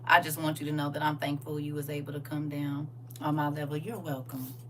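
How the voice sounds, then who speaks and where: A middle-aged woman with a deep voice preaches a lively sermon to her congregation, talking a little fast. She moves between soft asides and loud bursts and acts out the people she quotes. The distant mic picks up a faint hum.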